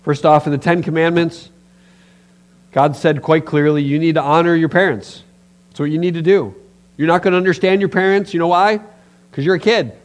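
Male pastor preaching in church, lively and emphatic, slightly high-pitched. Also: a little fast. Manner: animated, emphatic preaching with direct address. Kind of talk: sermon.

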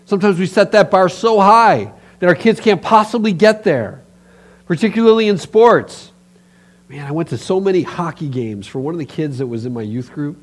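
A man preaching a sermon in church as pastor, animated and emphatic, speaking straight to his listeners. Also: a little high.

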